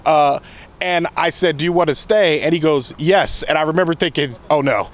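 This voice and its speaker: A man hosting a podcast, reviewing a film in candid, animated casual chat with a co-host. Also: fairly high pitch, moderate pace.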